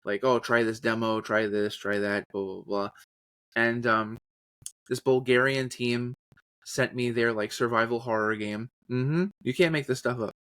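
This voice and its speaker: A man telling stories in a casual interview, animated, often slipping into trailer-style and character voices. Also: medium pitch, unhurried, no echo. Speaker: podcast guest, voice actor and journalist.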